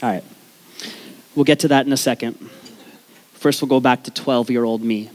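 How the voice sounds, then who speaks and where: A man's voice: medium pitch, fairly even intonation, moderate pace, darkish tone. A young man from Canada, telling a comic personal story on stage before a live audience, joking at his own expense and swearing freely. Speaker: speaker at a storytelling event. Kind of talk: comedic personal storytelling talk.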